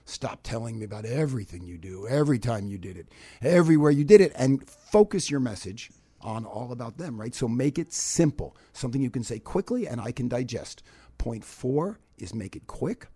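Guy on talk radio walking through his marketing rules, mellow husky voice, lots of ups and downs. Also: medium pitch, moderate pace. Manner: explains in lists, animated. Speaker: marketing expert guest. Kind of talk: radio talk show interview.

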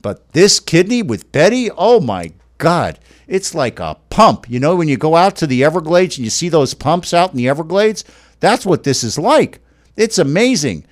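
Guest, middle-aged male, higher register, emphatic and gushing, repeats phrases. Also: very animated, normal speed. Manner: emphatic and effusive, repeats himself. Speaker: guest telling his wife's kidney transplant story. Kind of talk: casual emotional storytelling.

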